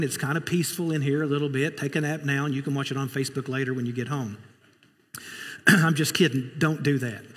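A man preaches a conversational sermon, slipping in joking asides and plenty of fillers. His voice sits a little high and sounds husky. The church around him carries a long, lingering reverb. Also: fairly bright tone. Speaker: pastor. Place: church sanctuary. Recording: long reverb of a large room.

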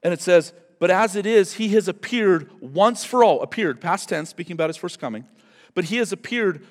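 A man's voice: sits high, long reverb tail. A man preaching a verse-by-verse sermon as pastor, talking in a conversational, emphatic way and repeating words for stress. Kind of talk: expository sermon.

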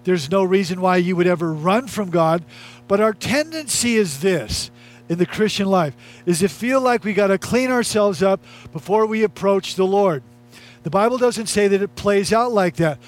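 High-voiced male pastor preaching. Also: animated, moderate pace, faint music behind. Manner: conversational, emphatic preaching with repetition. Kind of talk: sermon.

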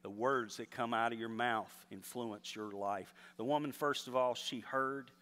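A man's voice: medium pitch, steady tone, a little slow, a bit bright. Man preaching in a reverberant hall. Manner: storytelling, rising to emphatic exhortation. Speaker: pastor. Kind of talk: sermon.

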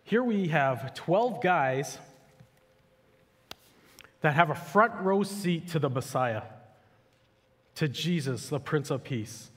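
A man's voice: on the high side, animated, slow, long pauses, a bit bright. A male pastor giving a sermon in a casual, conversational way, full of "like" and "you know", to a church. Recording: echoey hall with long reverb.

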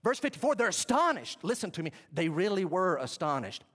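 A man preaching a sermon, swinging between loud outbursts and hushed asides. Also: high-pitched, sing-song, fairly quick. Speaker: pastor. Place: church sanctuary. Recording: long reverb of a church hall.

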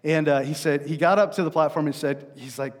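A man's voice: a little high, a little fast, big-room sound. A man preaching a sermon as pastor, telling stories in a conversational way with frequent fillers and restarts.

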